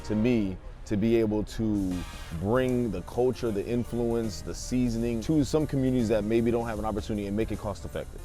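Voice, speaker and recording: A man's voice: lowish voice, steady tone, a little fast. A man restaurant owner speaking earnestly in an interview, repeating his words as he thinks. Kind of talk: casual interview. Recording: loud music bed under voice.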